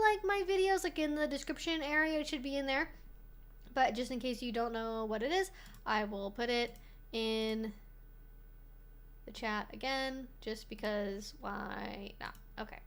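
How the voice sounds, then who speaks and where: A woman's voice: a little high, a bit bright. A woman hosting a casual livestream, rambling along with lots of "like" and frequent swearing. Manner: rambling, swears freely, heavy use of "like". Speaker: streamer host.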